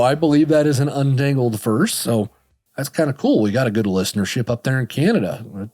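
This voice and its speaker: A man's voice: mid-range voice, animated, moderate pace, warm tone, no room sound, clean studio sound, faint music behind. A man hosting a podcast, talking casually with a joking, self-deprecating manner. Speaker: podcast host.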